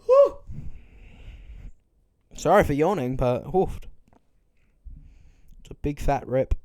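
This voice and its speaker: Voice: mid-range voice, huge pitch swings, slow, a little mellow, no echo, clean studio sound. A podcast host giving casual, joking watch-along commentary, reacting in disbelief and laughing often.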